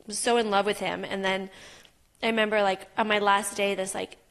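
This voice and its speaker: A woman's voice: medium pitch, flat delivery, a little fast, fairly bright tone. A young woman candidly telling a personal story as a podcast guest, with frequent fillers and heartfelt asides. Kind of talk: personal story in casual interview.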